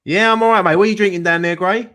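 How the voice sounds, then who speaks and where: A man's voice: high voice, steady tone, racing, bright, forceful tone, clean tone. A man hosting a live fan chat show, joking and laughing a lot as he leads the talk. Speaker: host.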